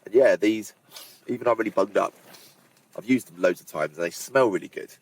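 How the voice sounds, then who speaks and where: A hiking vlogger talks casually to his camera outdoors on windy fells at a campsite, addressing his viewers directly. His voice is fairly low and fairly quick. He's chatty, with relaxed asides.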